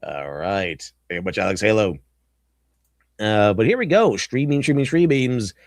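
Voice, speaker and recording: A man's voice: fairly low pitch, lively intonation, normal speed, no echo, clean studio sound. A man hosting a casual livestream, reading memes aloud, laughing often and slipping into silly voices. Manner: giggly, goofy, slips into silly voices. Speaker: stream host.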